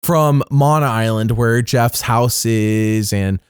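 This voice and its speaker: A man's voice: slow, smooth, no echo. Chatty man with a dry close sound. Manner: chatty, rambling, jumps up in pitch for emphasis. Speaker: podcast co-host. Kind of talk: casual recap chat.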